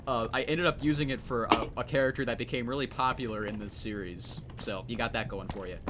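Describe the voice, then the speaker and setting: A man's voice: medium pitch, a little fast, background noise. A man streaming his own game mod, chatting casually and mocking himself as he plays. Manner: rambling, self-mocking, laughs at himself. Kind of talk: casual commentary over gameplay.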